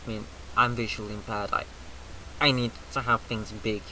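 A British man giving casual, excitable let's-play commentary, swearing freely and shouting rallying cries, with a slightly mucousy throat. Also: fairly low pitch, moderate pace, slight background noise, rough recording. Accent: British English. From Britain. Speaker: gaming video host.

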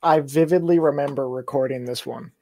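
A man's voice: on the high side, steady tone, brisk, dark tone. A man chatting casually as a guest voice actor, easygoing and jokey. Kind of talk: casual chat on a livestream.

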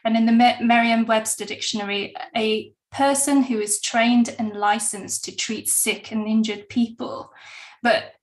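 Lady hosting a health chat, kinda higher voice, lots of little restarts. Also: fairly even intonation, measured pace. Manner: hesitant, with restarts when asking questions. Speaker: host. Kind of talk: interview hosting.

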